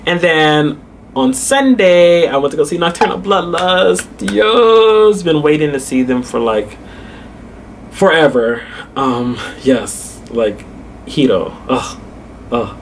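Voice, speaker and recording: A man's voice: on the high side, slow, a little hiss or hum. Laughing young man telling a vlog story. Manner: animated, laughs often, lots of "like" fillers. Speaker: vlogger.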